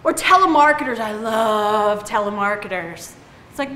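High, bright-voiced woman doing stand-up. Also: normal speed. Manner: animated, self-mocking, acts out scenes. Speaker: stand-up comedian. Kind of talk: stand-up comedy set. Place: comedy club stage. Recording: echoey club room, faint hum.

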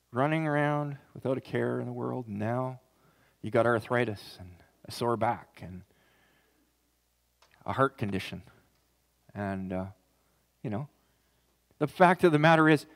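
A man preaching as pastor, reading scripture aloud and then building to an impassioned close. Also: fairly high pitch. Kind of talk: sermon. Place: church sanctuary. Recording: reverberant church hall.

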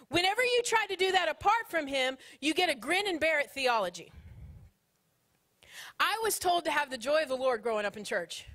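A woman in her thirties preaching a sermon at a conference, animated and joking, with Southern phrasing. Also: high voice. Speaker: conference speaker.

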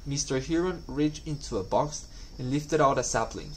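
A man reading a children's storybook aloud at a school, calm and clear. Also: medium pitch, moderate pace, a little hiss or hum, poor audio. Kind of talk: scripted narration.

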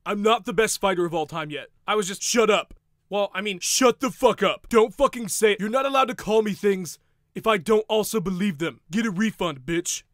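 A man's voice: high voice, moderate pace, fairly bright tone, no echo, studio quality. A man doing a comic impression of a petulant champion fighter who mumbles half-apologies, snaps back, and keeps saying "respectfully.". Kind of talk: comedy impression sketch.

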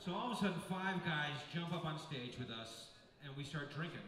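A man telling a comic story on stage to an audience, with a brisk, profane, punchline-driven delivery. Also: a little high. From United States. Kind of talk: live comedic storytelling. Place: large venue with live audience. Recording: echoey hall from far off with crowd.

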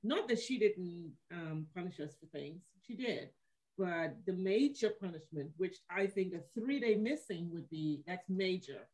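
A woman panelist in a casual discussion, offering soft backchannels and emphatic asides. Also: lowish voice, lively intonation, unhurried, low-quality recording.

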